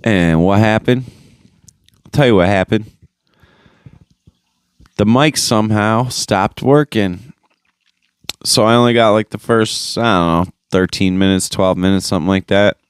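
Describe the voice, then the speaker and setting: A young man rants his way through a solo podcast, swearing constantly and stacking up fillers. His low voice comes across smooth and resonant. The phone mic gives it a dry, close sound with no room in it. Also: unhurried, long pauses, no room sound. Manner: profane, rambling, lots of fillers; mocking high-pitched impressions of others. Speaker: podcast host. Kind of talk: casual solo podcast rant.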